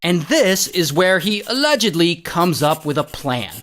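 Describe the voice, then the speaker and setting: A man's voice: sits high, a little slow. A man narrating a true-crime story in a casual, playful way, punctuating the action with spoken sound effects. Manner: animated, playful, adds sound effects like "blam" and "dun dun".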